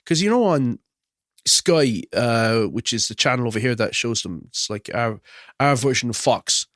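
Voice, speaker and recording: A man's voice: mid-range voice, expressive, moderate pace, fairly bright tone, no echo, studio quality. A man co-hosting a podcast, chatting casually and with strong opinions about films and TV. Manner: chatty, opinionated, does little mock voices. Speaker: podcast co-host. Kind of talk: casual film chat.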